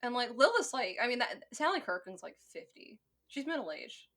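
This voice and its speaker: This film podcast co-host's voice is on the high side, sing-song and a bit bright, at a moderate pace. Casually reviewing a film, she laughs frequently, swears freely, and leans heavily on "like."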